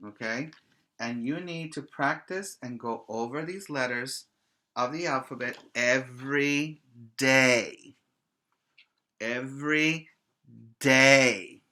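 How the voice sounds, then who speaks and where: Slow, bright-voiced male preschool teacher. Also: mid-range voice. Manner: slow, sing-song, coaxing questions to children. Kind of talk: virtual preschool lesson.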